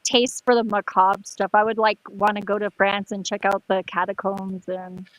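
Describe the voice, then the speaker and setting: A woman's voice: mid-range voice, level tone, normal speed, poor audio. A woman in a casual group voice chat who hedges and fills her talk with "like.". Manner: hedging, filler-heavy talk.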